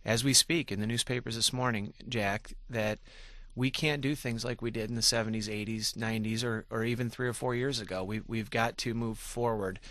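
A man's voice: mid-range voice, steady tone, moderate pace, a bit bright, dry recording. A man in his forties from Michigan, a former legislator and radio guest, telling his story candidly and with self-deprecating humor, often restarting his sentences.

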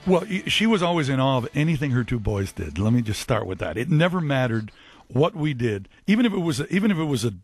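A man who is a musician and a radio guest, telling chatty, animated anecdotes with false starts. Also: mid-range voice, fast, slightly rough, soft background music. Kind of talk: anecdotal storytelling.

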